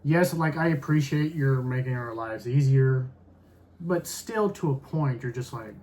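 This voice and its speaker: A man's voice: medium pitch, a little slow, a little mellow. Rambling man in his thirties, casual podcast. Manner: rambling, heavy use of "like". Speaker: podcast co-host. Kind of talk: casual chat.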